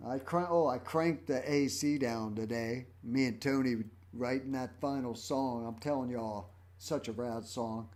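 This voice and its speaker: A man's voice: mid-range voice, measured pace, hardly any pauses, a little mellow. A man in his fifties hosting a casual livestream, telling rambling stories about his life as a rock drummer. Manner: rambling, anecdotal storytelling.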